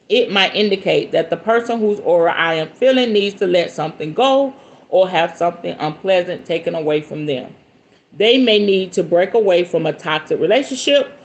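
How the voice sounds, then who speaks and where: The audio is dull as a lowish-voiced podcast host reads a book aloud. She interjects with animated, playful, casual asides between passages.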